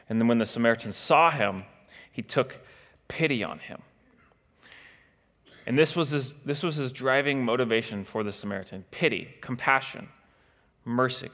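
Casual man preaching, mid-pitched voice, lots of uh's, sounds like a big church with a long echo. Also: normal speed, a bit bright. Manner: conversational, frequent uh fillers, acts out quoted attitudes. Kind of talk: expository sermon. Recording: long hall reverb.

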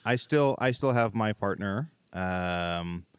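A man's voice: on the low side, slow pace, smooth, no echo. A man improvising a petty, mock-dramatic rival in a comedy scene, passive-aggressive and chummy at once. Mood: mock-serious. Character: petty, theatrical male feud rival. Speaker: rival club leader.

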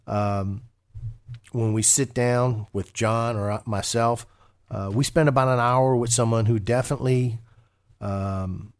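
A man's voice: fairly low pitch, a little mellow, dry recording, studio quality. A man co-hosting a retirement-planning radio show as a financial advisor, talking casually with many restarts and fillers.

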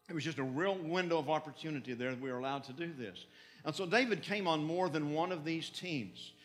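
A middle-aged man preaching, telling a mission story earnestly and slowing down for dramatic moments. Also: a little high, a bit bright. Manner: earnest, recounts dialogue with slowed dramatic emphasis. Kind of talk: sermon storytelling.

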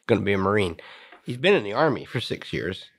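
A man's voice: lowish voice, very animated, a little fast. A man hosting an interview, introducing his guest with emphatic admiration and asking broad questions. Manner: admiring, emphatic, laughs easily. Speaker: host, college president. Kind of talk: interview conversation.

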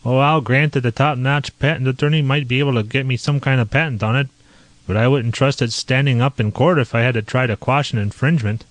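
A man voicing a blunt, self-assured male inventor who talks in a brisk, lecturing way, his voice a bit raised above his narration. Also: medium pitch, steady tone, no echo, natural voice. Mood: confident. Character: blunt middle-aged male inventor, sure of himself.

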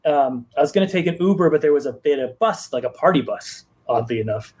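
This comic book writer's voice is fairly high, a little mellow, and husky, and he talks fast. On a live stream, he spins a long, rambling anecdote in a casual chat, peppered with fillers and frequent restarts.

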